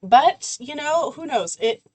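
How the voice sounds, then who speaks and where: A woman's voice: high-pitched, expressive, takes it slowly, dry recording. Nervous young woman, lots of ums. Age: young adult. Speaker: podcast co-host. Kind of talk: casual chat.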